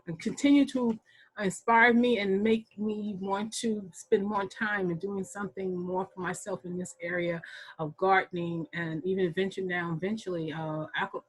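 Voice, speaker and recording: A woman moderates a casual online gardening workshop as host, chatty and enthusiastic, often laughing as she asks questions. She speaks at normal speed with a fairly low, slightly rough voice and fairly even intonation. The recording quality is rough.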